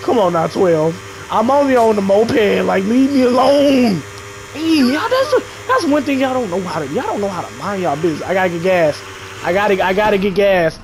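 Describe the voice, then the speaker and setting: A man commentating live on his gameplay, trash-talking in slang and bursting into shouts. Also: high-pitched, big pitch swings, a little fast, slight background noise.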